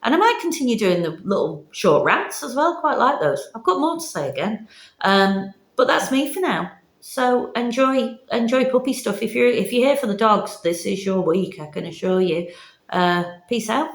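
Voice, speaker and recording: A woman's voice: fairly high pitch, animated, moderate pace. A woman, chatting casually and rambling a little, filler words dotted through as she vlogs. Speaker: vlogger. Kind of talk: casual vlog chat.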